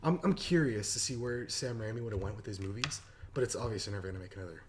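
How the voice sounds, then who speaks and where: A man's voice: lowish voice, fast, noisy background. A man co-hosting a casual podcast, rambling with many restarts and fillers, talking into a desktop mic at home. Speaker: podcast co-host. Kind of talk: casual chat. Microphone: desktop USB mic.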